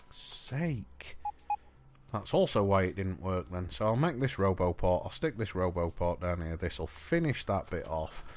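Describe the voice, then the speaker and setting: A man's voice: sits low, slight background noise. A man giving casual gameplay commentary as a let's play host, chatty and muttering asides to the objects on screen.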